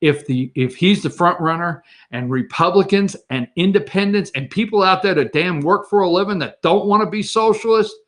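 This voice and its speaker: Excitable guy on a political talk show, high bright voice, all over the place, keeps rambling. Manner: animated, rambling, mocking quoted voices. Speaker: host.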